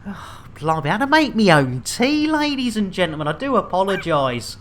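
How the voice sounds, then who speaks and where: A man's voice: high voice, sing-song, normal speed, a bit bright, a little hiss or hum. Chatty male game streamer. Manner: chatty, jokey, addresses viewers. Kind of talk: casual game streaming chat.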